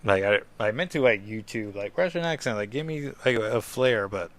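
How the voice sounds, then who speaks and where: A man's voice: fairly low pitch, lively intonation, brisk. Rambling podcast guy recapping comics. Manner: rambling, many fillers like 'like' and 'um'. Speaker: podcast host. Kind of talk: casual comic book recap.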